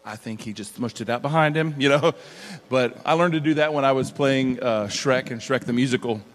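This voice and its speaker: A middle-aged man preaching a conversational sermon, animated and chatty, often laughing between sentences. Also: medium pitch, moderate pace. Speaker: pastor. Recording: long hall reverb.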